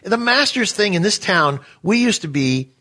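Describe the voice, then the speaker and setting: A man with a fairly high, bright, husky voice tells a story in a casual talk show, swinging his pitch up and down as he acts out the people in it. His delivery is animated and chatty. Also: normal speed. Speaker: co-host.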